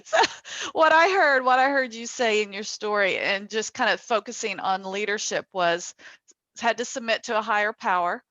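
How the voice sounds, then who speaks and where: A woman's voice: mid-range voice, normal speed, bright, forceful tone, dry recording, muffled recording. A woman interviewing a guest, affirming her and summing up her points.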